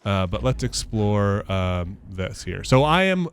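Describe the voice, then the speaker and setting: A man's voice: fairly low pitch, sing-song, slow pace, clear, resonant tone. A man hosting a game video, explaining his play in a rambling casual chat and often laughing. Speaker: host playing the game. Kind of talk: casual gameplay commentary.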